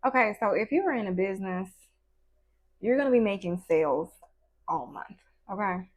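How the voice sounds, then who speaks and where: A woman's voice: mid-range voice, animated, moderate pace. Chatty playful woman tarot reader. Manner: chatty and playful, with slang and asides to spirit; acts out little quoted voices in between. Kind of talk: casual tarot reading.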